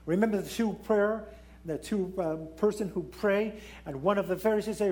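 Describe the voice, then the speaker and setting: High-voiced male preacher, soft to loud. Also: moderate pace. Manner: emotional preaching, swings from raised to soft and low; non-native English grammar. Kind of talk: sermon.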